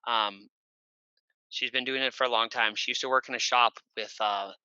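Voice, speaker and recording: A man's voice: fairly even intonation, moderate pace, clear, resonant tone, no room sound, lo-fi sound. A man guest on a podcast telling stories casually, rambling with many fillers and restarts. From Oregon, USA. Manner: bursts into shrill shouted imitations. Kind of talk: casual storytelling.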